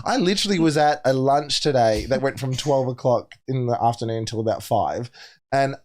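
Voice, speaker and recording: A man's voice: medium pitch, moderate pace, a little mellow. A young man sits in as a podcast guest, a few drinks in. He tells his stories loosely, laughing along and swearing freely. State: tipsy from drinks. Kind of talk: casual podcast chat.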